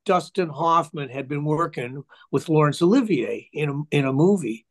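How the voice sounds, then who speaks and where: An older man, a musician guest in a casual interview, telling animated anecdotes and slipping into voices for the people he quotes. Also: on the high side, normal speed. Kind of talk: casual conversation, storytelling.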